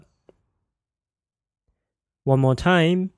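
Man with a dry, close sound, teaching clearly. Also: fairly high pitch, animated, no echo. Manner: slow, clear modeling of sounds for repetition. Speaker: language teacher and podcast host. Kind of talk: scripted podcast language lesson.

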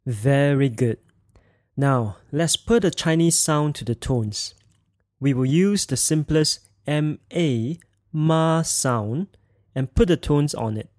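A man teaching a podcast language lesson, speaking slowly and clearly as he demonstrates tones. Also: on the high side, lively intonation, darkish tone, no room sound, clean studio sound.

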